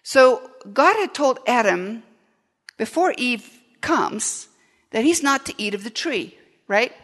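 A woman preaching a lively sermon, animated and often asking the audience questions. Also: on the high side, slow, long reverb tail.

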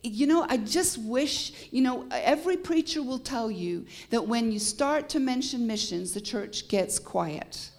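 A woman's voice: a little high, lively intonation, measured pace, hardly any pauses, a little mellow. A woman from Canada with a Canadian accent, a guest preacher delivering a sermon with emphatic rising peaks and bits of humor.

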